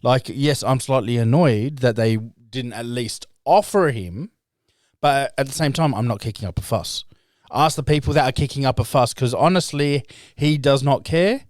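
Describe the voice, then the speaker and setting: A young man talks bluntly on a casual podcast, dry sarcasm and regular swearing. His voice is clear and smooth at a middle pitch. The sound is dry and close. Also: moderate pace, no room sound. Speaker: podcast co-host. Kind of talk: casual chat.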